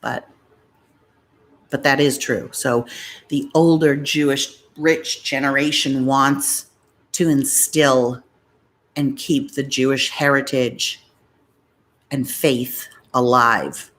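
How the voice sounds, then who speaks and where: A woman's voice: extremely low pitch, fairly even intonation, slow pace, long pauses. A middle-aged woman from Massachusetts hosting a live-stream, chatting casually and rambling through stories while reading viewer comments. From Massachusetts, USA.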